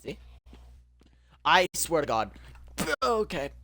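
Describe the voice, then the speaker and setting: A young man streams a game and talks through it casually, cracking jokes and blurting out reactions. His pitch swings widely and stays animated throughout. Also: slow pace. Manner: jokey, exclaiming, talking to himself. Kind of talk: casual gameplay commentary.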